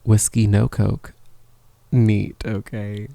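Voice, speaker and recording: A man's voice: fairly low pitch, flat delivery, slow, creaky, mellow, dry recording. A man hosting a podcast, talking in a loose, rambling and self-mocking way, sometimes dropping to a whisper, close on a studio microphone in a small studio. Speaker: podcast host. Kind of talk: casual rambling monologue. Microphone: professional studio microphone, close.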